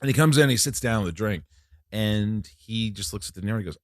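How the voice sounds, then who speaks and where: A man's voice: on the low side, quick pace, no echo, clean studio sound. A man telling long anecdotes in a casual chat, stammering, repeating himself and talking himself down. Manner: rambling, animated, self-deprecating, stammers and repeats.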